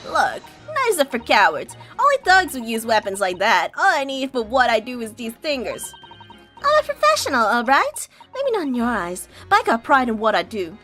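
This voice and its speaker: A woman's voice: on the high side, huge pitch swings, moderate pace, bright, forceful tone, soft background music, pitched above the performer's own voice, heavily acted. A woman voicing a cocky young female pickpocket in a game, with brash, slangy street talk. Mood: defiant.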